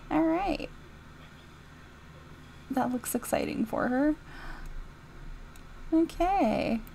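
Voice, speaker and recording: Giggly gamer girl doing chatty mod commentary, kinda high voice, bit of vocal fry. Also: animated, very slow, pauses often, slight background noise, low-quality recording. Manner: chatty and giggly, reacting out loud to the game. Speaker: YouTuber reviewing game mods. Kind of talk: casual gameplay commentary.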